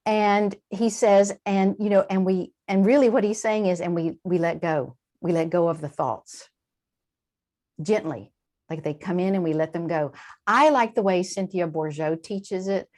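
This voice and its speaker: Lower-voiced woman explaining with animated asides. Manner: animated, warm-hearted explaining with quick asides and laughs. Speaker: translator and guest. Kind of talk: conversational interview.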